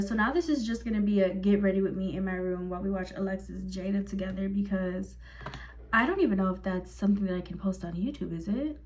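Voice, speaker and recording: A young woman vlogger in casual get-ready-with-me chat from her bedroom, loose, chatty and profane. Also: mid-range voice.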